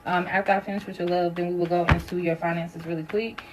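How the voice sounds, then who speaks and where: A woman's voice: fast, heavy background noise. A woman reading tarot cards for her viewers in a casual, chatty way, blunt and ready to cuss when she vents. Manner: chatty and blunt, cusses while venting, animated rises in pitch. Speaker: tarot reader.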